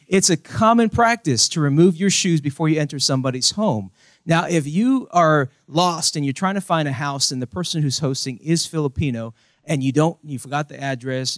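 Young male pastor, comic storyteller sermon, slightly high voice, dry close mic. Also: no echo. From United States. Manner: animated, acts out quoted voices.

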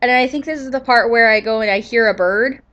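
A woman's voice: on the high side, fast talker, fairly bright tone, lo-fi sound. A woman doing a casual voice-over of her own gameplay footage, sleepy and yawning, rambling with lots of fillers and restarts. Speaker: gaming channel host.

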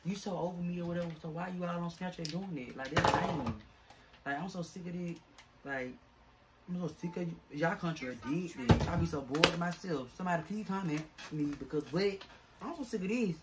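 A man's voice: fairly high pitch, fairly quick. Irritated male vlogger ranting casually over audible background noise. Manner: irritated, fed-up, rambling slangy rant. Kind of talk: venting to camera.

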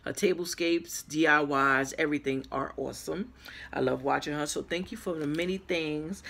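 Female vlogger, hoarse from losing her voice, chatty unboxing talk to viewers, recorded on a tripod camera. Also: low-pitched, moderate pace, a bit bright, slight background noise. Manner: chatty, addresses viewers as guys. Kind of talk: casual unboxing vlog. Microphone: camera on a small tripod.

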